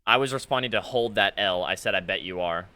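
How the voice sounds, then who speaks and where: A man's voice: on the low side, a little fast, bright, forceful tone, smooth. A young man giving casual, sarcastic commentary while reading out chat messages from a game, exasperated and mocking. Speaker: gaming content creator.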